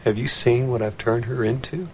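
An actor playing a middle-aged married man who pleads softly and slips into hushed confession. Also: mid-range voice, steady tone, normal speed, background noise, natural voice. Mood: anguished. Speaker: married dentist confessing to his lover. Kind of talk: film drama acting.

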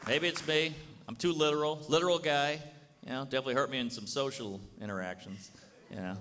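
On a comedy club stage, a man delivers crude, chatty stand-up, leaning heavily on "you know." His voice sits at medium pitch with fairly even intonation and a fairly quick pace, captured by a live mic in an echoing hall amid loud audience laughter and room noise.

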